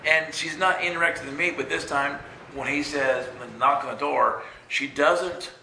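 A man telling a story in a casual, rambling way, often asking "right?" and jumping high when quoting himself. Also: normal speed, creaky, bright, forceful tone, a little hiss or hum. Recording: roomy echo.

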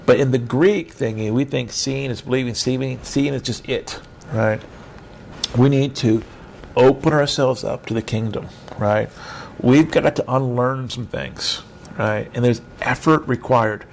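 Gravelly middle-aged man preaching casually. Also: medium pitch, a little slow, slight background noise. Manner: conversational and rambling, with self-mocking humor. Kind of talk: informal teaching sermon. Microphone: video call.

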